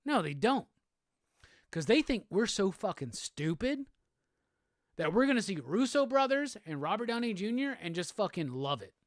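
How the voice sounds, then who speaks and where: A man's voice: sits high, very animated, moderate pace, dry recording, studio quality. A man hosting a solo show, ranting angrily with heavy profanity and repeated phrases. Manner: profane, repetitive, heated. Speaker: host. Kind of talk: angry solo commentary rant.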